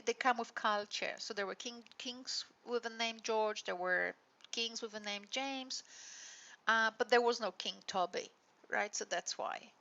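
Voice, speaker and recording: A woman's voice: a little high, bright, forceful tone, muffled recording. A woman lecturer explaining a teaching model in a recorded lecture, often checking in with tag questions. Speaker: university lecturer.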